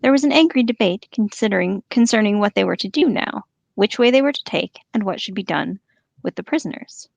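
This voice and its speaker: Gravelly-voiced woman reading aloud. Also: mid-range voice, expressive, a little fast, no room sound, highs cut off. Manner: laughing, playful. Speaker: podcast co-host and reader. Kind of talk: reading a novel aloud and chatting.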